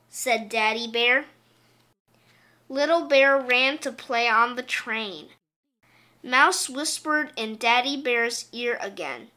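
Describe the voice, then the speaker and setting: A woman reading a children's picture book aloud in a slow, clear, gentle way. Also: a little high, expressive. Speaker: storyteller.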